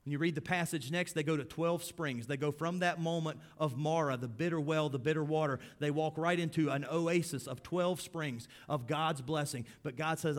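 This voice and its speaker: A man preaching a sermon as pastor, swinging between loud emphasis and hushed, low lines. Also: normal speed, few pauses. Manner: acts out grumbling crowd voices in quotes.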